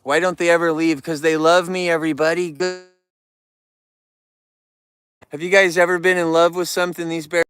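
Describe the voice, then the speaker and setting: A man's voice: a little high, little pitch movement, moderate pace, pauses often, a bit bright, smooth. Ranting man live-streaming among bears. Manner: ranting, scolds viewers and bears. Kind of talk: rambling live-stream chat. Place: outdoors near bears.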